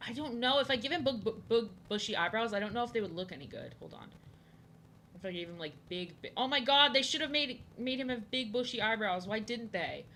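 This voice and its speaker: A woman's voice: on the high side, lively intonation, a little fast, sharp tone, a little hiss or hum. A young woman streaming from home, rambling and joking as she draws, often repeating herself. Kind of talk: casual chat while drawing. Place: home, indoors.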